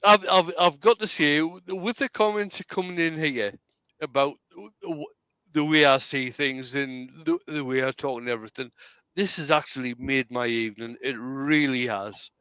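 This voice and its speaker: A man's voice: a little high, moderate pace, bright, forceful tone, clear, resonant tone, no room sound, highs cut off. A man with a County Durham accent, chatting and telling stories on a live stream, laughing and repeating words as he goes. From County Durham, England. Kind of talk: casual chat.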